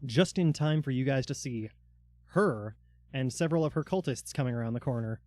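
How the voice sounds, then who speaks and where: A man's voice: mid-range voice, a little fast, a little mellow. Loose-talking male dungeon master. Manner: loose, filler-heavy narration. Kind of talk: narrating a tabletop game.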